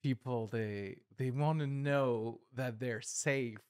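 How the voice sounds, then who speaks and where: A man, a comedian, reflecting in a casual podcast chat, measured and filling pauses with "like" and "uh". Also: medium pitch, darkish tone, smooth, dry recording, clean studio sound. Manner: reflective, measured, with many fillers.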